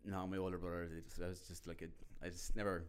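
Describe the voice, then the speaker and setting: A man co-hosting a podcast, chatting casually with teasing quick interjections. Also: sits low, little pitch movement.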